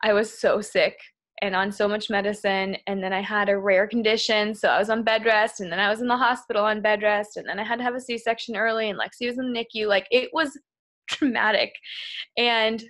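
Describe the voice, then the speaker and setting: A woman's voice: medium pitch, fairly even intonation, brisk, fairly bright tone. A young adult woman, a guest speaker, telling a candid personal story to a group, often filling with "like" and sometimes close to tears. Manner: candid and emotional, many "like" fillers. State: tearful at moments.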